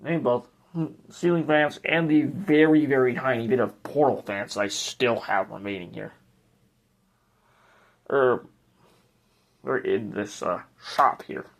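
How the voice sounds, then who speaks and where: A man's voice: medium pitch, slow, creaky, pauses often. A man hosting a casual tour of his ceiling fan collection, speaking in a hesitant, rambling way with frequent restarts.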